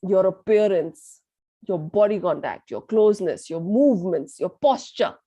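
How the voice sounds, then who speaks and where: A young woman with an Indian accent teaching an online lesson in a lively way, mixing in Hindi and asking her listeners questions. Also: medium pitch, a little slow, no echo. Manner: lively, switches between English and Hindi, asks the audience questions. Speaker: communication skills teacher.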